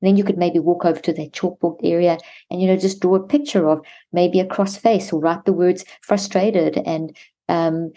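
A woman's voice: medium pitch, normal speed, dark tone. A woman guest on a podcast, earnestly walking through practical steps and examples one at a time. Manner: earnest, instructive, walks through examples step by step. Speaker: podcast guest, mental health expert. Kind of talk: explaining steps in a podcast interview.

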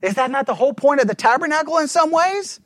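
A man preaching a sermon, asking the congregation questions and swinging between fervent emphasis and hushed asides. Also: extremely high pitch, fast, no echo, studio quality. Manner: animated preaching, rhetorical questions, drops to a hush for asides. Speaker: pastor.

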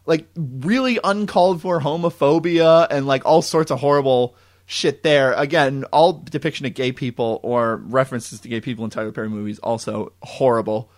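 A man co-hosting a casual movie chat, retelling the plot in an animated way with lots of fillers. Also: medium pitch, moderate pace. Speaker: podcast co-host.

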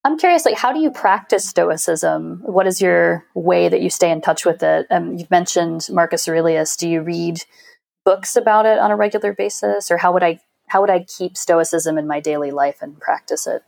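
A woman's voice: on the low side, normal speed, gravelly, a little mellow. A woman hosting a casual interview podcast, affirming her guest and asking curious questions. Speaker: podcast host.

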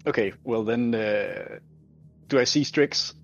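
A man's voice: mid-range voice, slow, muffled recording, faint music behind. A man playing a tabletop game, hesitant and stammering. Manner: hesitant, stammering, bursts into loud in-character yells. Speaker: player. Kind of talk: casual tabletop play.

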